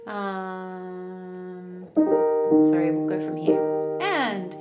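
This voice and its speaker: A woman voice coach guides singers through exercises, encouraging and loose in her delivery. She sings soprano and talks casually between notes. A piano plays clearly behind her. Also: medium pitch, normal speed. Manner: encouraging, loose instructional talk with fillers. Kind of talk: guided vocal exercise lesson.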